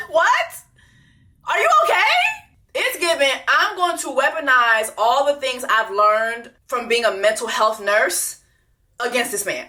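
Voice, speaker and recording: A woman with a high-pitched, sharp voice hosts a reaction video, giving unscripted commentary. She talks bluntly and profanely and repeats her points for emphasis.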